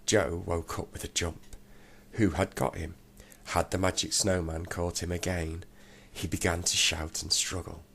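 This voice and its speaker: A man reading a children's storybook aloud, steady and unhurried. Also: low voice, creaky, a little hiss or hum.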